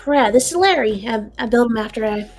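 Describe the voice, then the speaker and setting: A woman's voice: fairly high pitch, lively intonation, fairly quick, darkish tone. Casual, foul-mouthed woman player. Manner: casual, swears freely, slips in and out of character. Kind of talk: casual tabletop role-play on a live stream.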